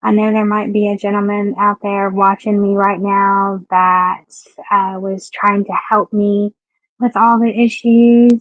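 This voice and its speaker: A woman's voice: medium pitch, little pitch movement, measured pace, no room sound. Southern woman livestream host, frank, chatty, muffled dry home audio. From Southeastern Kentucky. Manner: chatty, frank, greets viewers by name. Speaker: livestream talk show host. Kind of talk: casual live-stream chat.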